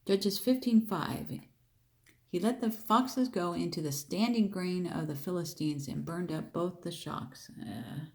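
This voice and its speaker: A woman's voice: lowish voice, a little mellow. A woman teaching a Bible story, reading verses and chatting through them with restarts, repeating phrases and acting out the figures' lines with emphatic lifts. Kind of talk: casual Bible reading and explanation.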